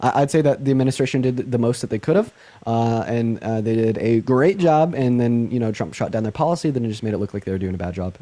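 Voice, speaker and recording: A young man hosting a live-stream call-in, talking fast with lots of fillers and thanking donors by name. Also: medium pitch, warm tone. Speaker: livestream host.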